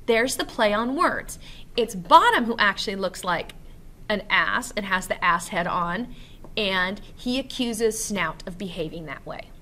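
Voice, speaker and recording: Bright-voiced woman teaching literature. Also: medium pitch, expressive, unhurried. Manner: explanatory, reading quotes aloud. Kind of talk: recorded literature lesson.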